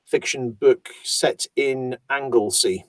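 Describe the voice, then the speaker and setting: A man from Yorkshire, an audiobook narrator, chatting about his voice work in an animated storytelling manner. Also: medium pitch, takes it slowly, no echo. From Yorkshire, England. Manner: animated, chatty storyteller who slips into accents. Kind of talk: casual conversation about voice work.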